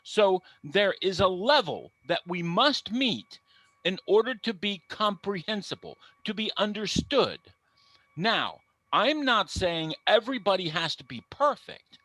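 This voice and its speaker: A Midwestern American man speaks as an English teacher on a panel, emphatic and playful in his opinions. His voice sits high and swings widely up and down. It has a bright, forceful edge. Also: very animated, measured pace, dry recording, low-quality recording. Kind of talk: panel discussion talk.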